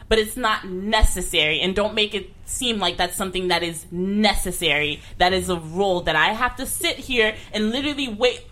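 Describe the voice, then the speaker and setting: Female co-host, animated, opinionated casual chat. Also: medium pitch. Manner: animated, outspoken, laughs a lot. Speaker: podcast co-host.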